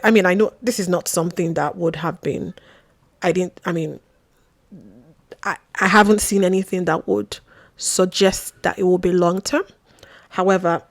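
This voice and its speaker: A young adult woman vlogging, telling a personal story in a chatty, wry way, with asides and quick bits of mimicry. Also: fairly low pitch, dry recording. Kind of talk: casual storytelling to camera.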